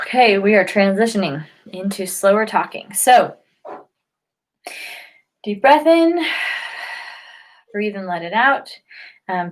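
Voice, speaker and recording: A woman's voice: mid-range voice, rough recording. A woman talks straight to the camera, explaining health in an easy, chatty way. She stumbles, restarts and fills gaps with "um." She keeps yawning as she goes. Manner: chatty, with frequent fillers and restarts. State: yawning often. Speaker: health educator. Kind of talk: casual talk to camera.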